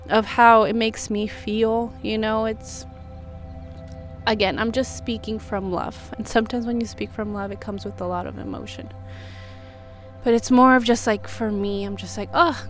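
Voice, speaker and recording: A woman talking to camera in a heartfelt, rambling vlog about her own feelings, sometimes close to tears. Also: medium pitch. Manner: heartfelt, rambling, self-reflective. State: tearful at times. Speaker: vlogger. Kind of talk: emotional personal vlog.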